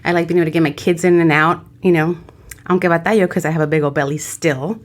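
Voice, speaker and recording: Woman co-host, low-ish voice, chatty, laughs often, mixes Spanish into her talk. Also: steady tone, fast talker. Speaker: podcast co-host. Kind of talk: casual chat.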